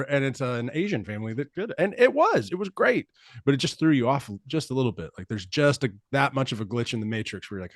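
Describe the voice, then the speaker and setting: A man hosting a casual podcast, telling rambling stories full of swearing and laughter. His voice sits at an average pitch and is recorded dry, close to the mic. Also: very animated, fast, dry recording. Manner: loose, profane storytelling with laughs. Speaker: podcast host. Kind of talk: casual chat.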